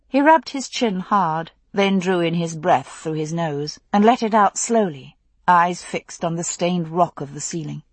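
A woman narrating a novel with intense, expressive storytelling. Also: lowish voice, unhurried, no echo. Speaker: audiobook narrator.

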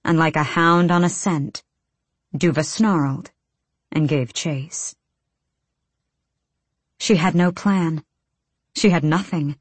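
Slow, low-voiced woman audiobook narrator. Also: breathy edge, no room sound. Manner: dramatic, measured, intense.

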